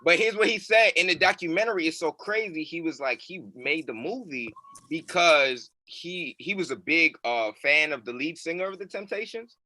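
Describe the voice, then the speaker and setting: A man's voice: on the high side, normal speed, bright, forceful tone, dry recording. A man co-hosting a podcast, telling rambling stories in casual chat. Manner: rambling storyteller, lots of fillers and restarts. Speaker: podcast co-host.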